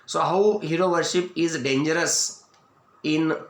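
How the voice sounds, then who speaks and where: A man with an Indian English accent giving a video lecture as an English teacher, explaining slowly and restating each point. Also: fairly high pitch, fairly even intonation. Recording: echoey room.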